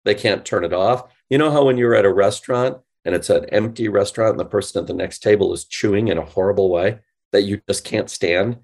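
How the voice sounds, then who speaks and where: A man being interviewed on a podcast, explaining with animated, demonstrative delivery and acting out example phone lines. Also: lowish voice, fairly quick, gravelly, few pauses. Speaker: guest, sales company CEO.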